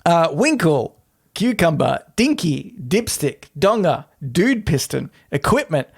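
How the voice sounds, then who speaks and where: A man's voice: on the high side, very animated, slow, gravelly, husky. Brief: male podcast co-host, giggly, list-reading, sing-song delivery with a lot of up and down. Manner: giggly, breaks into frequent laughter. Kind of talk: casual comedic chat, reading a list aloud.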